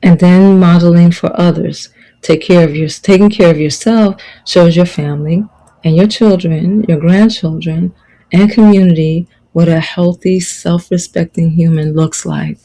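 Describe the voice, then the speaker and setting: A woman's voice: fairly low pitch, fairly even intonation, a little slow, warm tone, low-quality recording. A middle-aged woman life coach teaching a motivational online lesson, preaching and repeating her key phrases for emphasis.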